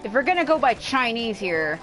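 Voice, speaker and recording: A woman's voice: on the high side, big pitch swings, fairly quick, loud music behind the voice. A woman streaming a video game, rambling and exasperated as she comments, swearing often. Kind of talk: casual live gameplay commentary.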